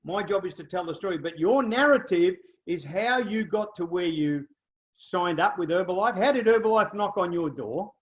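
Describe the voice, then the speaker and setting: A man's voice: sits high, normal speed, dull audio. An Australian man giving a motivational training talk, telling stories animatedly and checking in with his listeners often. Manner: animated storyteller, acts out dialogue, keeps checking in with "okay?" and "right?". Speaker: business trainer.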